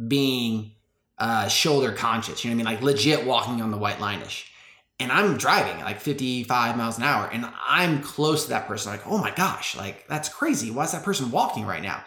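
A young man tells a story in a loose, chatty way, peppering it with "like" and "bro" as he talks to his listeners. His voice is bright and forward. The sound rings a little, as if he is in a room with hard walls. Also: medium pitch, roomy sound. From Texas. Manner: chatty, laid-back, full of "like" and "bro". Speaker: podcast host.

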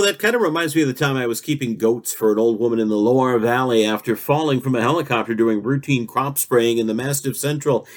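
Lively, rambling comic talk-show host, male. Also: mid-range voice. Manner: rambling, absurd deadpan banter. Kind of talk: spoof talk-show interview.

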